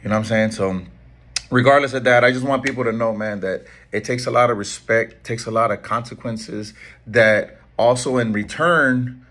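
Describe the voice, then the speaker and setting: Middle-aged barber, husky voice, earnest motivational mentor repeating his points. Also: medium pitch, fairly bright tone. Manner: earnest, pleading, repeats key lines. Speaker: barber and shop owner. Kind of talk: motivational talk to camera.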